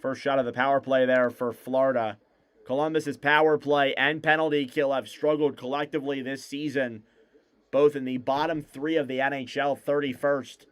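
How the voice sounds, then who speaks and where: A man calling live hockey play-by-play on a fan stream, in rapid clipped play calls that rise on shots. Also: medium pitch, fairly even intonation, clean tone. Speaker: play-by-play commentator.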